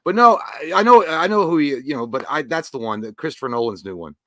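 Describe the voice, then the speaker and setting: A man co-hosting a podcast, rambling through casual banter. He swears a lot and laughs often. His voice is bright and the recording is dry. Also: on the high side, lively intonation, quick pace, no room sound. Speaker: podcast co-host.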